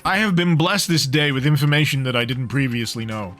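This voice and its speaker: A man's voice: medium pitch, a little fast, a bit bright, faint music behind. A man streaming a game, joking with his chat and laughing often, a little tipsy from a few beers. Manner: jokey, laughs often, chats with viewers. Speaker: gaming streamer. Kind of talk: casual livestream commentary.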